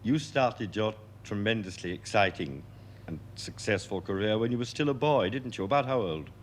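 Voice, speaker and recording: A man's voice: on the low side, lively intonation, moderate pace, a little hiss or hum. A man interviewing a guest with polite, encouraging questions.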